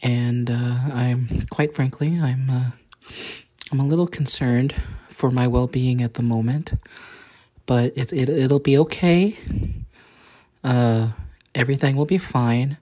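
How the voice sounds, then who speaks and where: A stiff, awkward podcast host, as a woman puts him on, with a very low voice. He stumbles through halting sentences full of fillers and restarts and sounds stiffly apologetic in an improvised comedy sketch. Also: mellow, full character voice. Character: awkward, hesitant podcast host, a young man.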